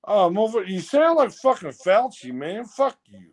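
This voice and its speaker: A man's voice: sits high, big pitch swings, moderate pace. A man talking in loose, profane banter, rambling and hesitating as he tries to recall things. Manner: rambling, swears a lot, hesitant.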